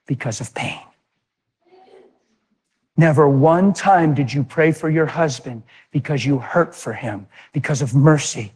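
A man voicing God as a gentle, tender spirit, speaking slowly and softly. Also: a little high, breathy edge, pitched below the performer's own voice. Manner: slow, soft, tender speech.

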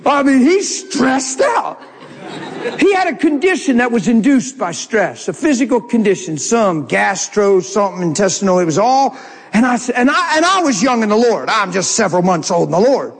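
A man telling a story in a sermon, animated and laughing often as he talks. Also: sits high, normal speed, some chatter behind. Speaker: preacher. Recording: long hall reverb.

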